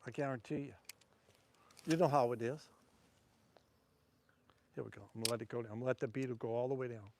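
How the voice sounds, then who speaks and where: A man's voice: medium pitch, fairly even intonation, quick pace, pauses often, a little mellow, a little hiss or hum. A man with a Southern Louisiana accent chatting casually to livestream viewers while fishing from a wharf at night, rambling between casts.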